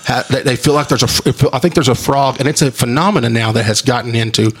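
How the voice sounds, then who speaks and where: A man's voice: mid-range voice, fast talker, breathy edge. A man co-hosting a podcast in casual chat, rambling and opinionated, laughing often. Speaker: podcast co-host.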